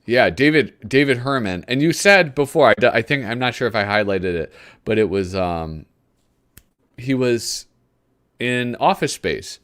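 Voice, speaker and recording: A man's voice: mid-range voice, lively intonation, a little slow, fairly bright tone, clear, resonant tone. A male host giving casual live commentary while flipping through a magazine. He rambles, gropes for names and chuckles often.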